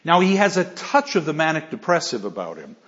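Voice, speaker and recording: A man giving an animated, emphatic lecture on literature, often restarting his phrases. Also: a little high, brisk. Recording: slightly dull lo-fi recording.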